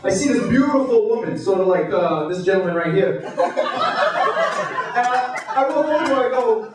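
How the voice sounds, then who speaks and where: A man doing stand-up with crude deadpan one-liners, his fairly high voice swinging widely in pitch. He is caught from a distance on a handheld mic in a very echoey hotel club. Loud audience laughter fills the room behind him. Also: moderate pace. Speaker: stand-up comedian. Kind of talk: stand-up comedy set. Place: hotel comedy club stage, indoors. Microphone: handheld stage mic.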